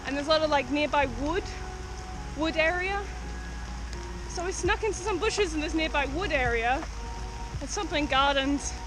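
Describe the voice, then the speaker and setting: Out of breath as she walks, this woman hunts cryptids in an overgrown, rain-soaked cemetery, chatting excitedly to her viewers in a high voice. She speaks at normal speed with frequent pauses, giving casual vlog commentary. Music runs under her words, and the recording quality is low.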